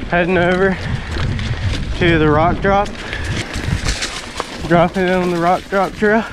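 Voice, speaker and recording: Riding his mountain bike along wooded trails, a man chats casually into an action camera in a high-pitched, steady voice, speaking slowly. The outdoor action-cam audio is noisy.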